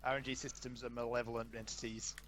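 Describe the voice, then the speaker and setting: A man's voice: mid-range voice, little pitch movement, quick pace, a bit bright, slight background noise. A man in a casual gaming voice chat, tossing in wry jokes over a headset. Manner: wry, joking asides. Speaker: gamer on voice chat.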